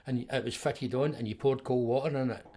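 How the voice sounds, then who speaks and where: This podcast guest is a Scotsman in his seventies whose warm, medium-pitched voice is brisk and fairly even in intonation. Chatting casually, he wanders through stories, often chuckling and starting over.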